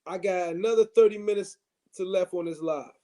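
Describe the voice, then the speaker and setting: Guy running a boxing live stream, kinda high mellow voice, lots of ums. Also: fairly quick. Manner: loose, chatty, many fillers and restarts.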